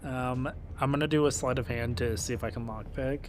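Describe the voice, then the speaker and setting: A man's voice: medium pitch, fairly even intonation, a little fast. Hesitant man playing a tabletop game. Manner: hesitant, filler-laden, laughs easily. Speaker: player. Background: faint music.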